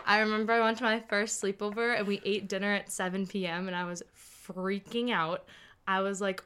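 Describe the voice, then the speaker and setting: A young woman, a guest on a casual podcast, chatting and telling animated anecdotes. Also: mid-range voice, fairly quick, clean tone. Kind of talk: casual chat.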